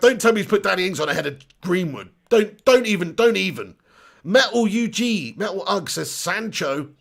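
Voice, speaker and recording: A man in his thirties hosts a live football watch-along, his fairly high voice leaping around as he bounces between chat messages and outrage at the substitutions. There is a gravelly edge to it, with cheeky, sweary banter aimed straight at his viewers. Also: animated, moderate pace, fairly bright tone. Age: 30s. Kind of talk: live-streamed match reaction.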